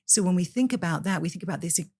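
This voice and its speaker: A woman's voice: on the low side, lively intonation, rapid-fire, creaky, darkish tone, breathy edge, no echo. A woman from the UK, a priestess guest in a podcast interview, speaking in an impassioned, preacher-like way.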